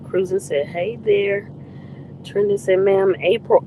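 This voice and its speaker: A woman's voice: medium pitch, slow pace, mellow, slight background noise, low-quality recording. A woman hosting a casual live stream, greeting viewers in the chat by name in a playful way.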